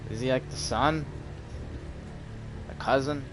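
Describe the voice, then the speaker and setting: A man reacts to a story game in loose, casual commentary, swearing and laughing along. His voice sits at an everyday pitch. Clear game music plays loud behind him. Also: slow. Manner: casual, profane, laughing asides. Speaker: gamer. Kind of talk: casual let's play commentary.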